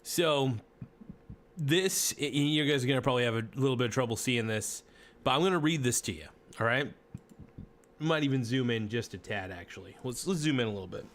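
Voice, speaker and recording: A man's voice: medium pitch, fairly quick, fairly bright tone. Rambling, chatty male podcast host. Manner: rambling, self-correcting, chatty. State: hiccuping. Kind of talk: casual political commentary livestream.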